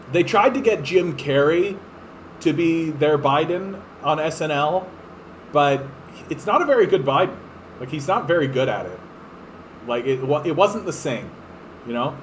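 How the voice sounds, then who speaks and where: A man's voice: on the high side, lively intonation, normal speed, a little hiss or hum, low-quality recording. Profane man ranting. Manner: profane, fired up, filler-heavy. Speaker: podcast host. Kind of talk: political commentary rant.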